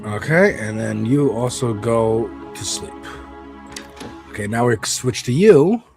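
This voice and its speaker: A man chats through a video game as he plays, rambling, loose and now and then swearing. His pitch rises and falls freely, and game music plays faintly underneath. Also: animated, slow pace, creaky, a little mellow. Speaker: streamer playing a video game. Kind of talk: casual gameplay commentary.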